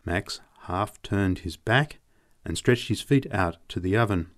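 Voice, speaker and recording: A man reading short stories aloud as narrator, with an expressive, varied storytelling delivery. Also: deep voice, unhurried, no room sound.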